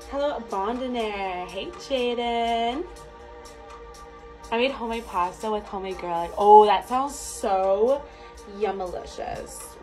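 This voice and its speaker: A woman's voice: fairly high pitch, rough recording. A woman hosting a casual livestream, greeting viewers one by one with flirty, affectionate pet names. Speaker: livestream host. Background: music playing.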